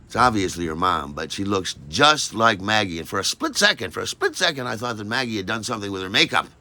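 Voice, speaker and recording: An older man telling a personal story in an animated way, acting out every voice and lingering on words. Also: lowish voice, fast talker.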